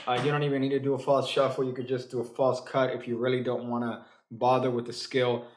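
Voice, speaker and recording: A halting, joking male card magician. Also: mid-range voice, flat delivery, reverberant, background noise. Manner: halting, full of fillers and restarts; dry, joking asides. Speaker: magician teaching a card trick. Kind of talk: casual comedic tutorial.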